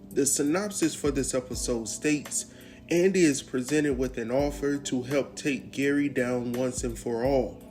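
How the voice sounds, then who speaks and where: A man hosting a casual recap show, retelling a TV episode in an animated, chatty way. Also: mid-range voice. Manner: chatty, animated retelling with quoted character lines.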